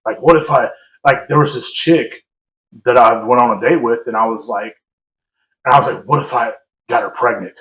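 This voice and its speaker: A man's voice: medium pitch, normal speed, a bit bright. A young man chats on a podcast, telling a story in a loose, rambling way. He pokes fun at himself and laughs easily. His voice sits mid-range and carries a roomy echo. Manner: rambling, self-mocking, laughs often. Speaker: podcast co-host. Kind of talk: casual storytelling chat.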